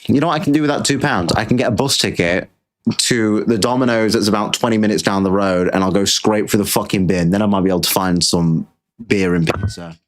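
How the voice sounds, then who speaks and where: A man's voice: lowish voice, brisk. A British man hosting a livestream, talking in a crude, sarcastic, ranting way. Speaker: streamer host. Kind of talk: livestream rant.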